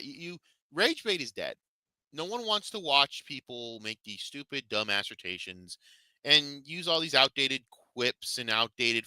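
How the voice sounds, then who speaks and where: A man's voice: mid-range voice, sharp tone, no room sound. A man hosting a talk stream, ranting and mocking in profane commentary. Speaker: podcast host.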